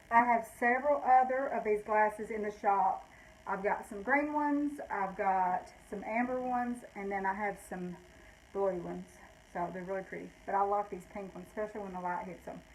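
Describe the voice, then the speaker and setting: A woman's voice: mid-range voice, fairly even intonation, moderate pace, slight background noise, rough recording. An older woman, out of breath, chatting casually as she shows items from her vintage shop and rambles, correcting herself along the way. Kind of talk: casual live sale talk.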